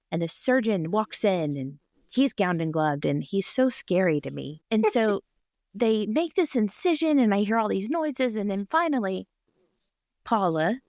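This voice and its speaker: A woman in her forties, a surgical technology department chair, telling an animated personal story in a podcast interview and laughing often. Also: fairly low pitch, no echo. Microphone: podcast microphone.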